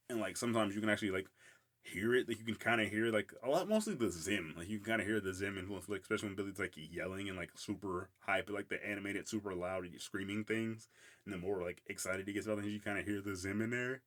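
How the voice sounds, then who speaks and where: A man's voice: fairly low pitch, quick pace, a bit bright. A man hosting a casual solo podcast, rambling about a cartoon with lots of filler words and frequent laughs. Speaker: podcast host.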